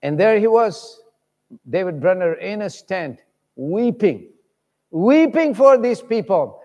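Preacher guy telling stories in a sermon, kinda high voice, acts out the people, lots of hall echo. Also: lively intonation, a little slow, a little mellow, highs cut off. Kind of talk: sermon storytelling. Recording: long reverb of a large hall.

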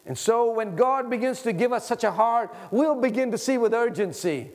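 A man preaching a sermon with passion, swinging from loud, urgent pleading to hushed, low tones, and slowing down to stretch out key words. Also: expressive.

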